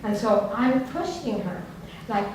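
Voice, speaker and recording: A woman leading a workshop, telling a personal story in a lively way and acting out the voices she quotes. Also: a little high, unhurried. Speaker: workshop leader. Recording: very echoey room, distant mic, faint noise.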